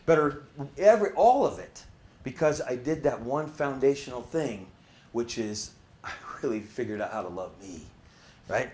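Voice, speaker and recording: A man's voice: a little high, echoey room. A man giving a casual motivational talk, telling stories and acting out the voices of the people in them, with frequent "right?" asides. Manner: animated storyteller, acts out quoted voices, many "right?" asides. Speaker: motivational speaker.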